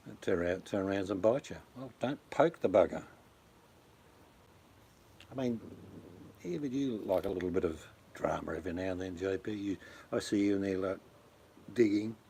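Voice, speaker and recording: A man's voice: sits low, normal speed, long pauses, mellow, slight background noise. An Australian man chatting casually on a livestream, rambling and blunt, talking to viewers by name. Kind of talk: casual chat.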